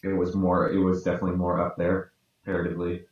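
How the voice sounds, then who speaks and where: The speaker is a man co-hosting a podcast who mutters quietly to himself as he works on a drawing, chatting casually throughout. He talks quickly in a monotone, and the mic is distant and dull in an echoey space.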